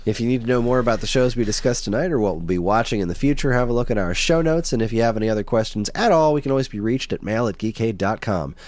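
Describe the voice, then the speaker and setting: A man hosting a podcast with friends, chatting casually and reading the show's outro briskly. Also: medium pitch, darkish tone, no room sound. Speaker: podcast host. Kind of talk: casual chat and show outro.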